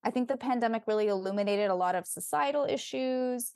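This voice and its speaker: A woman's voice: a little high, fairly quick, a little mellow, dry recording, clean studio sound. A young adult woman, an actress chatting as an interview guest, upbeat and talkative, with lots of fillers and restarts. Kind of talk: casual interview chat.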